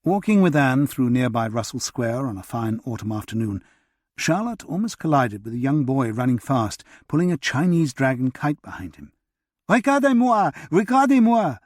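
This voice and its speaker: A man narrating a historical romance audiobook in a measured, even storytelling manner, with a husky voice, in a studio booth. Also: medium pitch, dry recording.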